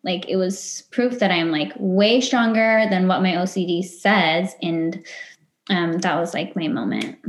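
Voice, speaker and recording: A woman's voice: lowish voice, unhurried. A woman, a podcast guest, telling a personal story in conversation and acting out her past self and others in quoted lines. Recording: roomy echo.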